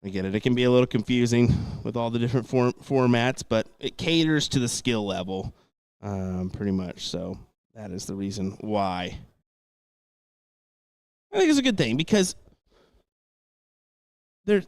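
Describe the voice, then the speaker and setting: A man commenting live on a darts match, chatty and relaxed, often answering with a quick "yep, yep". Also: medium pitch, no room sound, studio quality.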